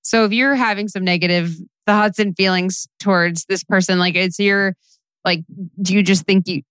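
A woman's voice: mid-range voice, steady tone, moderate pace, fairly bright tone, no echo. A woman hosting an interview, asking questions in a casual, hesitant way with many fillers. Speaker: podcast host.

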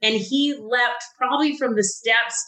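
A woman's voice: fairly high pitch, steady tone, unhurried, pushed and bright, rough recording. A middle-aged woman on a podcast, telling her recovery story in a heartfelt, candid way and acting out the voices she quotes. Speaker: podcast guest. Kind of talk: candid conversation about recovery.

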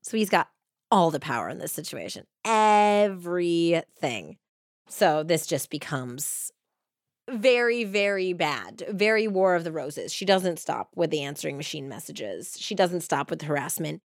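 A woman casually telling a true-crime story, acting out quotes with big jumps in pitch and filling her talk with "like". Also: measured pace, no room sound, studio quality. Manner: animated retelling, acts out quotes with pitch jumps; many fillers like "like" and "you know". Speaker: podcast co-host.

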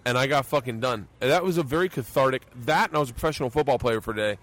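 A man's voice: mid-range voice, racing, fairly bright tone. A man hosting a podcast at a comedy club, telling profane, self-mocking stories and acting out what people said. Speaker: podcast host. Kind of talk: casual chat, storytelling.

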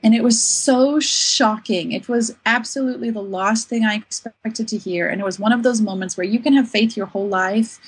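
A woman's voice: on the high side, moderate pace, few pauses, breathy edge, rough recording. A woman guest on a podcast telling a personal story in a candid, self-deprecating way. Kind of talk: conversational storytelling.

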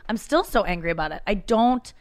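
A woman's voice: mid-range voice, animated, fairly quick. A woman talking candidly as a comedian guest in a podcast conversation, frank and self-deprecating, rambling with many restarts.

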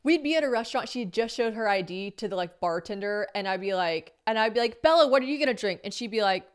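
A woman's voice: medium pitch, quick pace, clear, resonant tone. A woman in her twenties from the United States, hosting a solo podcast and telling stories casually, swearing freely and acting out other people's lines. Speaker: podcast host.

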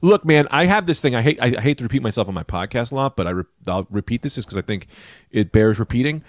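Lively, profane male podcast host. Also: medium pitch, quick pace, no room sound, studio quality. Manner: animated, profane, jumps into loud mock voices. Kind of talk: casual comedian chat.

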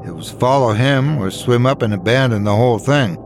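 A man reading a scripted horror story in a measured, suspenseful manner. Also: medium pitch, over music. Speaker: narrator.

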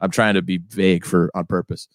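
A man co-hosts a podcast in loose, casual chat, rambling, laughing often, and slipping into silly voices when quoting people. His voice is low and level, he talks fairly quickly, and the studio-quality recording has no echo.

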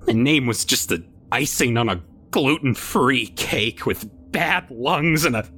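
A young man narrating a first-person horror story with a wry, nervous edge. He stammers and restarts often, and his pitch swings widely from low mutters to high yelps. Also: expressive, unhurried, sharp tone, a little hiss or hum. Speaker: narrator, voice performer.

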